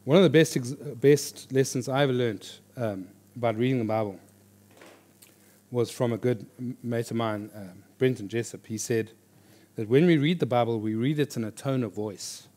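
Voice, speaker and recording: A man teaching a church class on reading the Bible, in a lively, joking conversational way. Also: medium pitch, normal speed. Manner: animated, jokey, with lively quoted voices. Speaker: pastor teaching a Bible course. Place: church hall before an audience.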